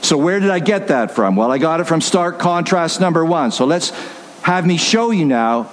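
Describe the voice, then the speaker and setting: A man's voice: a little high, animated, normal speed. A man preaching a sermon as pastor, emphatic and repetitive, laying out his points step by step.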